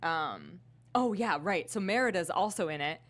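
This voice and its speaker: Chatty young woman, low-pitched voice. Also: moderate pace. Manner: animated storytelling, heavy use of "like". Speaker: podcast co-host. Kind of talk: casual chat.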